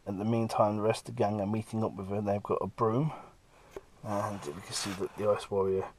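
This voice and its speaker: A comic artist talking casually through pages he has drawn, lively, now and then slipping into quick character voices. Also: fairly low pitch, a little hiss or hum. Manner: lively, breaks into brief character voices while retelling scenes. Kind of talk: casual walkthrough of his own work.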